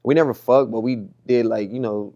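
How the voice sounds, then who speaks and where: A man's voice: medium pitch, steady tone, moderate pace, warm tone, muffled recording. Slangy young man, candid and profane. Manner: loose, slangy, profane talk. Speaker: interview guest. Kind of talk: candid casual interview.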